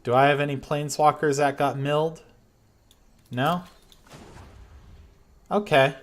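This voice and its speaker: A man thinking aloud as he plays a card game, reacting strongly to each turn, from quiet muttering to loud frustration. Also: fairly high pitch, fairly even intonation, measured pace. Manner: reactive, swings between muttering and frustrated outbursts. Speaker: gameplay commentator.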